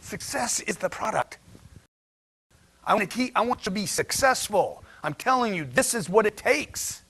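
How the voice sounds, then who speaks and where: A man's voice: high-pitched, expressive, moderate pace, sharp tone, breathy edge. A man giving a blunt, slangy motivational talk to a livestream chat, firing rhetorical questions at his audience. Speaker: motivational speaker.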